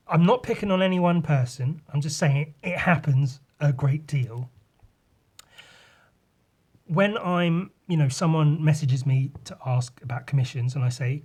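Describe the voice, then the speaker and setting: A man's voice: a little high, a little mellow, slightly rough. Man, young adult, English accent, sarcastic, sweary, rambling solo podcast. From England. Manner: talks while drawing. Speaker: podcast host, artist.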